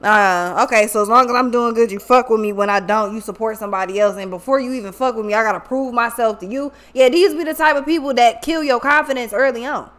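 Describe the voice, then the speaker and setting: A woman's voice: on the high side, fast talker, few pauses, a bit bright. A woman giving a casual tarot reading monologue, blunt and profane, who talks emphatically and often repeats her words. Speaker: tarot reader.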